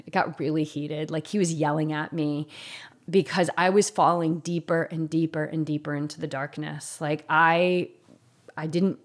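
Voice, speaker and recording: A woman with a somewhat low voice tells a personal story in candid, casual conversation. She talks earnestly and emotionally, often restarting sentences and leaning on "like" as she goes.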